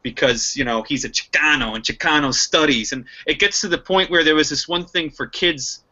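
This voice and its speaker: A young man from the United States in a heated, animated political discussion, talking fast with many restarts. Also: on the high side. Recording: muffled lo-fi recording.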